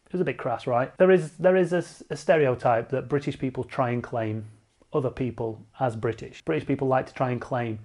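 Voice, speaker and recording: Guy doing a cycling vlog, kinda high voice, sarcastic, lively. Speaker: cycling channel host. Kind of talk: animated vlog commentary.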